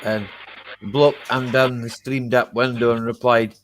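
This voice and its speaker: A man hosting a casual live-stream chat, halting and laughing often. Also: medium pitch, flat delivery. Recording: faint background noise.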